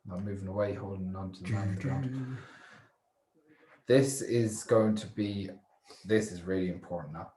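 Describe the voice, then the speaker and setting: A man's voice: on the low side, normal speed, pauses often, a little hiss or hum. A man who co-hosts a podcast, chatting casually and swearing as he watches a rugby match live. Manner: swearing, excitable, jumps from mumble to outburst. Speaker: podcast co-host. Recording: roomy echo.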